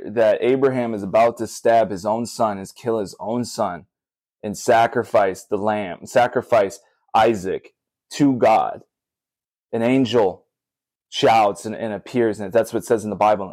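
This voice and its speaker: A man's voice: mid-range voice, a little mellow, dry recording, rough recording. Earnest male podcast preacher, dry sound. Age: young adult or middle-aged father. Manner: earnest, repetitive, direct to listeners. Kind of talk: podcast sermon.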